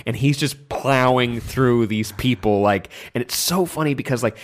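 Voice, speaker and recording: A young man co-hosting a podcast, retelling scenes in an animated, rambling way and jumping into quick voices. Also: mid-range voice. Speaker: podcast co-host. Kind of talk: casual chat.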